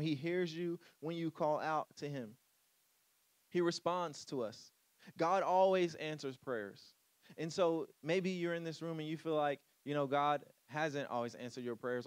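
Male pastor, casual joking sermon delivery, slightly high voice, dry close sound. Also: no room sound. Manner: casual, joking preacher voice with "come on" asides.

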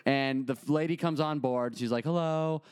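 A young man co-hosting a podcast, telling funny stories in an animated way and acting out his mother's yelling. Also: mid-range voice, normal speed, clean tone, no room sound, clean studio sound. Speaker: podcast co-host. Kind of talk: casual comedic storytelling.

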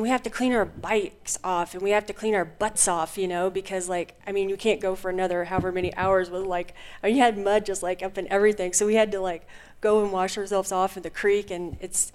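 Female racer guest, smooth clear tone, candid and loose. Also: medium pitch. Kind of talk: casual chat.

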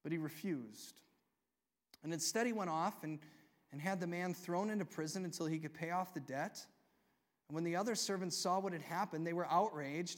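A man preaching a sermon, reading scripture and talking conversationally, moving between loud excitement and hushed asides. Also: on the high side, moderate pace. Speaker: pastor.

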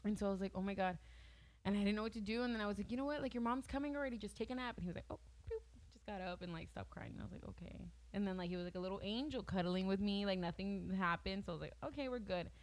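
A woman's voice: medium pitch, fast talker. A young adult woman chatting casually, telling a long story with "like" in almost every phrase and laughing often. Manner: chatty storyteller, heavy use of "like", frequent laughs. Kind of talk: casual chat.

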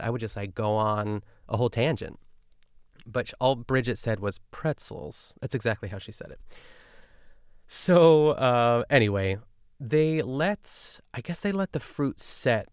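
A man's voice: fairly low pitch, creaky, clean tone, no room sound, studio quality. A man hosting a podcast in casual chat, rambling and chatty with lots of fillers and tangents. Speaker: podcast host recapping a cooking show.

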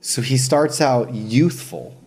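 A man's voice: medium pitch, slightly rough. A man hosting a casual chat, telling a story with energy, swearing and acting out what others said. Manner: animated, slangy storyteller who swears and says dude and bro; acts out others' words in quick asides.

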